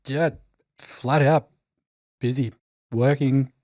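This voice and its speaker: A man's voice: medium pitch, fairly even intonation, slow, dark tone, no echo. A young man chatting casually as a podcast guest, laid-back and swearing, trailing off.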